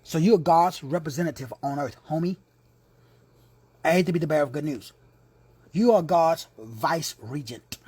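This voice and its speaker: A male Bible teacher delivers an emphatic lesson, repeating his key words and tossing in casual street asides. His voice is husky and fairly high, with lots of movement in pitch. It is recorded close and dry, with no room sound. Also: moderate pace, pauses often, darkish tone, no room sound. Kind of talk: teaching sermon.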